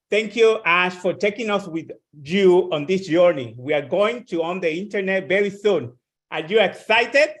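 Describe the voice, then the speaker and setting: A man giving excited, emotional feedback on a webinar, gushing with joy. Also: sits high. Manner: emotional, gushing, laughs between phrases. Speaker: webinar co-host.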